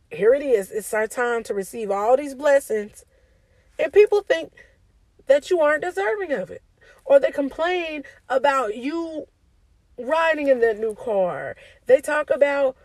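A woman's voice: fairly high pitch, a little mellow, no room sound, rough recording. A woman giving an informal devotional talk to her online community, often asking "okay?" and speaking in a casual, preachy way. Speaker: faith speaker.

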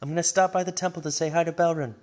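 A man reading aloud and voicing an eager young female apprentice, speaking high and excited. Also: racing, lightly acted.

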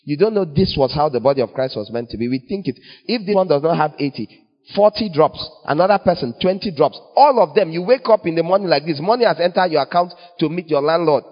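A man preaching a sermon in an animated way, acting out little scenes in other voices. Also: fairly high pitch, fast. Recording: dull long reverb of a large hall.

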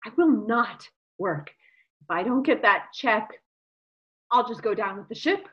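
An actress playing a greedy, entitled young newlywed with profane, theatrical outbursts in a comedic audio drama. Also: female voice, on the high side, lively intonation, unhurried, lo-fi sound. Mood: scheming.

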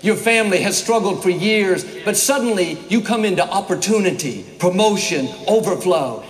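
A man's voice: sits high, animated, normal speed, hardly any pauses. A man preaching a sermon to a large congregation, folksy and upbeat, rambling a little before he gets going. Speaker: pastor. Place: church in a former basketball arena. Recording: echoey arena reverb.

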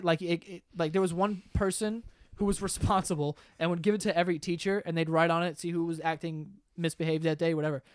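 A man's voice: high voice, no echo, studio quality. A young man hosting a podcast, casually telling stories among friends. He laughs as he talks, swears freely and acts out other people's lines. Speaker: podcast host.

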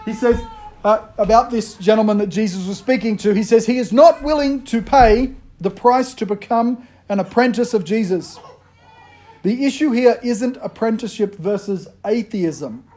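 A pastor giving a sermon in a relaxed, humorous storytelling way, often joking with the congregation. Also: male voice, sits high, moderate pace.

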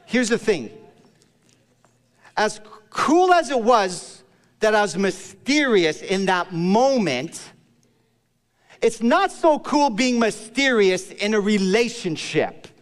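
Male pastor, slightly high voice, playful storytelling sermon, sinks low and soft for the serious points, long church-hall reverb. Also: very animated, slow pace, long pauses. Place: church service.

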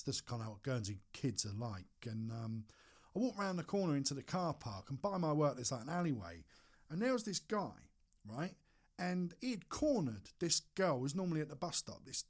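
Blunt, swearing man, higher voice. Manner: blunt and emphatic, swears often. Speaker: podcast co-host. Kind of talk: casual podcast chat.

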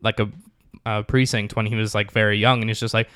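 A man's voice: on the low side, brisk, clear, resonant tone, dry recording, clean studio sound. A young man chatting casually as a podcast co-host, retelling scenes with acted-out quotes. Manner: animated storytelling, acts out quotes. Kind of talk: casual chat.

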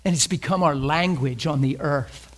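A man preaching a sermon with passion, swinging between loud emphasis and hushed near-whispers and asking the congregation direct questions. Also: fairly high pitch, normal speed.

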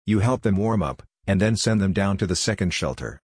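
A man voicing a calm android woman. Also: low-pitched, a little fast, breathy edge, dry recording, clean studio sound. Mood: matter-of-fact. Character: calm female android rescuer, matter-of-fact.

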